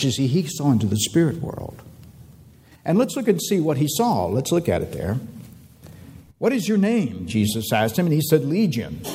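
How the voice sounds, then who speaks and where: Male preacher, lively pitch, mellow tone, sermon delivery with drawn-out emphasis. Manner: animated, drawn-out emphasis, reads scripture aloud.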